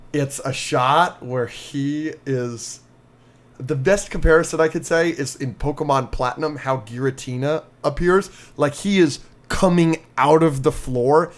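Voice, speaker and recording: A man co-hosting a podcast, recapping with excitement and lots of fillers in casual chat. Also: a little high. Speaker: podcast co-host.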